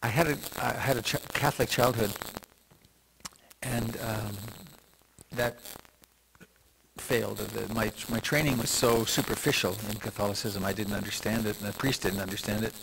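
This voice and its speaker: A man's voice: lowish voice, moderate pace, vocal fry, long pauses, a bit bright, slight background noise, rough recording. An older man, a meditation teacher, giving a reflective, meandering dharma talk full of restarts and asides.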